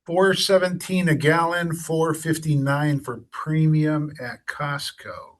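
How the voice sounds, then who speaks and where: A man in relaxed, easygoing chat, often trailing off and restarting mid-thought. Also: a little high, slow pace. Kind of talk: casual chat.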